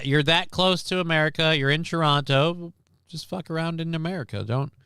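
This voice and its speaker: A man's voice: mid-range voice, a bit bright, clear, resonant tone, no echo, clean studio sound. A man hosting a casual stream, ranting about the news in a sarcastic, profane, rambling way. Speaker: streamer host. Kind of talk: casual news commentary rant.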